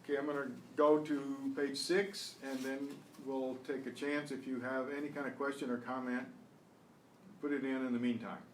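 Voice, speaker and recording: A man teaching a beginners' Spanish class online, explaining patiently and repeating each phrase slowly. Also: mid-range voice, level tone, far from the mic. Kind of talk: online beginner language lesson. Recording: roomy echo with faint noise.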